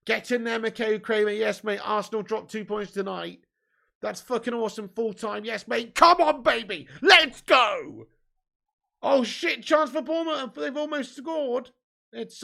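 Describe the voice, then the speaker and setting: Sweary, high-voiced, gravelly young man. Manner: swears a lot and laughs often, banters with viewers; gets excited at chances and goals. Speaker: host of a live match watch-along. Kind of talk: live football commentary and chat reading viewer comments.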